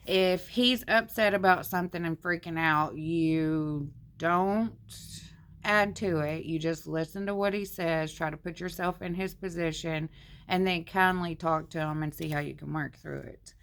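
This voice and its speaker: A woman with a low, gravelly voice reads from a marriage book, then drifts into plainspoken, homey asides. She talks straight into her phone and slows down for the passages she reads out. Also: a bit bright. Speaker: vlogger. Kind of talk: reading a marriage book aloud with casual commentary.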